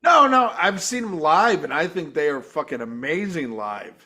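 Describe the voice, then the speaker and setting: A man hosting a casual live review chat, swearing freely and getting excited. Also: fairly high pitch, moderate pace. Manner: profane, excitable, mimics guitar sounds. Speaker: show host.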